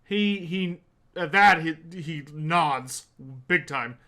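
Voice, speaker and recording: A man narrating a tabletop game as game master, in a relaxed way with many fillers. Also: on the high side, slow.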